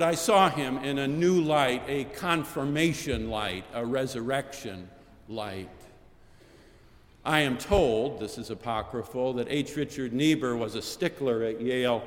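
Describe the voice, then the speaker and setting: An older man preaching a sermon in a measured, rhetorical cadence, building lists and repeated phrases. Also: medium pitch. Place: large chapel. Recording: long chapel reverb.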